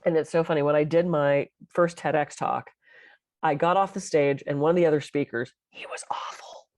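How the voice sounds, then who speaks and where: Animated, expressive woman podcaster. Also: low-pitched, normal speed, no room sound, clean studio sound. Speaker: podcast co-host. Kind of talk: casual podcast chat.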